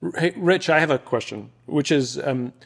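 A man co-hosting a podcast, asking a question slowly and with some hesitation. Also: fairly high pitch, gravelly. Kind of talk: casual conversational questions.

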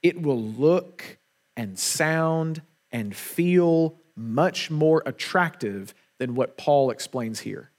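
A man's voice: fairly high pitch, expressive, slow pace, a little mellow. A man preaching a sermon to a congregation, earnest and emphatic, often repeating words for weight. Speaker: pastor.

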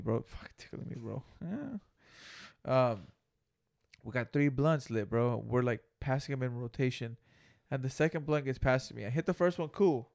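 A young man co-hosting a podcast tells a story in a casual, laid-back, slangy way, swearing heavily. His voice is mid-range, creaky and a little mellow.

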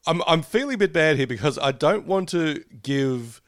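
Lively podcast host, dry sound. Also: male voice, a little high, normal speed, no echo. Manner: laughs often, lively, self-deprecating. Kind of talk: casual podcast chat.

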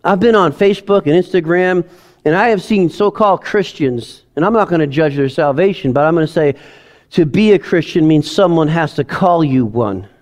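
Middle-aged male pastor, slightly high voice, casual sermon delivery with sudden loud peaks. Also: animated, normal speed. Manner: conversational, emotional, swings from quiet to loud emphasis. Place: church sanctuary.

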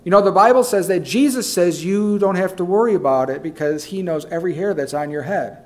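A male pastor delivers a sermon in a fairly high voice. He drives his points home by repeating them, dropping into quiet low asides before rising into loud calls. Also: brisk. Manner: emphatic, repeats key phrases.

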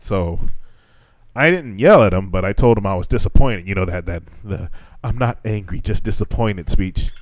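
A young man, a teacher, telling a frustrating work story on a podcast, animated and swearing freely as he acts out what people said. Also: on the low side, moderate pace, no echo. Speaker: podcast co-host; assistant language teacher in Japan. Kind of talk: casual chat.

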